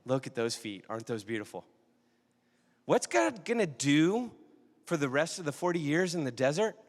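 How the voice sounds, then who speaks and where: Pastor, male, a bit high-pitched, chatty storytelling sermon, long reverb of a big hall. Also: big pitch swings, moderate pace. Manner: conversational storytelling, asks the audience questions.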